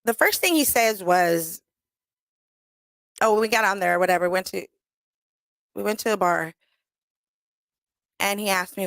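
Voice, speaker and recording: A woman hosting a radio talk show, telling a candid story in a blunt, profane, animated way and acting out the voices of people she quotes. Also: medium pitch, measured pace, creaky, pauses often, dry recording. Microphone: studio microphone.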